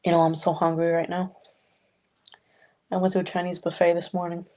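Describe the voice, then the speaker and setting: A woman's voice: lowish voice, completely flat delivery, a little fast, dark tone, low-quality recording. A woman hosting a loose, rambling livestream chat from her home, talking casually with viewers and swearing freely. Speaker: livestream host. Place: home room with a noisy fish tank.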